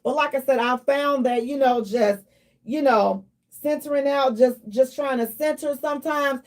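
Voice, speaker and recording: A woman hosting a radio talk show in a lively, playful storytelling manner. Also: high voice, normal speed. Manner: animated, playful, slips into mock prayer and acted quotes.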